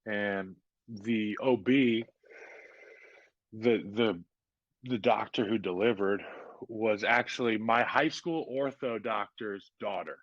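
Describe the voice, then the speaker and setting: A man in his thirties, a podcast guest, telling a personal story in a casual, animated way with lots of fillers. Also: lowish voice, takes it slowly, no echo. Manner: animated, lots of "like" and "you know". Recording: dull lo-fi podcast audio.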